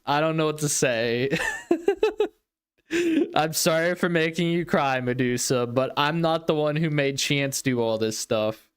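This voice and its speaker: A man's voice: fairly high pitch, clear, resonant tone. A man hosting a livestream, giving casual reaction commentary in an incredulous, exasperated way and laughing often.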